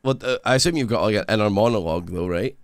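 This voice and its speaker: A man's voice: lowish voice, quick pace, no echo, studio quality. A Scottish man co-hosting a casual podcast chat, chatty and asking the others questions. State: hungover. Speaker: podcast co-host.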